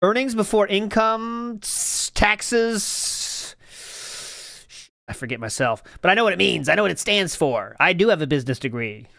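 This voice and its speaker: A man's voice: a little high, lively intonation, quick pace, gravelly, hardly any pauses, sharp tone, dry recording, clean studio sound. A man hosting a stream, reacting to clips with mocking asides and reading out chat messages. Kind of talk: sarcastic reaction commentary.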